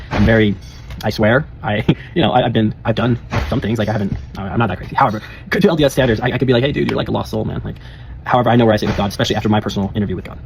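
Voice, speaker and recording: A man's voice: on the low side, slight background noise. A young man speaking casually and earnestly in a rambling personal monologue, often laughing and restarting his sentences. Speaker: life coach.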